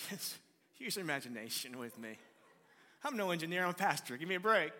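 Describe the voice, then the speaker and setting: A man's voice: on the high side, bright, forceful tone. A man preaching a sermon as pastor, folksy and playful with his congregation, speaking with a twang. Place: church sanctuary. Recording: long hall reverb.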